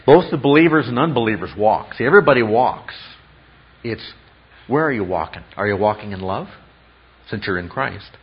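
Husky-voiced male pastor preaching. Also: fairly low pitch, lively intonation, normal speed. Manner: teacherly, asks the congregation rhetorical questions. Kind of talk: expository sermon. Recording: dull lo-fi sound.

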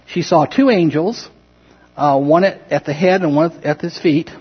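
A man's voice: a little high, moderate pace, husky, muffled recording. A man leading an informal Bible class, talking conversationally, asking the group questions and acting out scripture quotes in his own words. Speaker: Bible study teacher. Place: classroom or church room with a group.

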